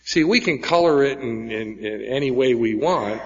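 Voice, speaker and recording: A man's voice: mid-range voice, expressive, normal speed. Man in his forties telling his story in an echoey hall. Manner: storytelling, tags lines with "okay?" and "right?". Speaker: speaker at a recovery meeting. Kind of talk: personal recovery story talk. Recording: echoey hall, dull lo-fi sound, faint noise.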